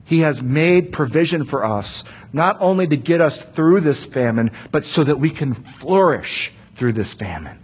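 A man's voice: medium pitch, breathy edge. A man voicing a powerful ruler who speaks firmly but reassuringly to his brothers. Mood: forgiving. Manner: commanding then reassuring. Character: powerful forgiving adult ruler Joseph.

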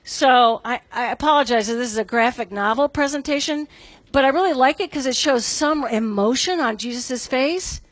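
A middle-aged woman with a slightly higher voice gives a relaxed devotional talk. She is chatty and pokes fun at herself, often tossing in a quick "right?" to her listeners. She is recorded close and dry, with no room sound. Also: no room sound. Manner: conversational and self-deprecating, with many "right?" asides.

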